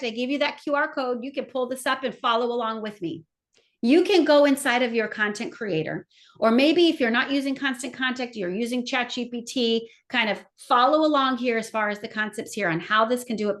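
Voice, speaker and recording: A middle-aged woman leads a live marketing seminar with plenty of enthusiasm, talking straight to the people in front of her. Her voice sits a little high. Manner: enthusiastic, animated, addresses audience directly. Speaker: marketing trainer.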